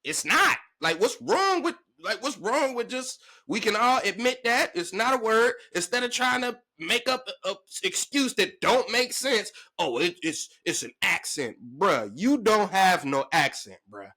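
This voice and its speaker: A man ranting to camera in a sports vlog, emphatic and slangy, his pitch jumping up when he gets worked up. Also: sing-song, measured pace, few pauses, sharp tone. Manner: emphatic, slangy, calling the listener "bruh" and "big dog". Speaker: sports vlogger.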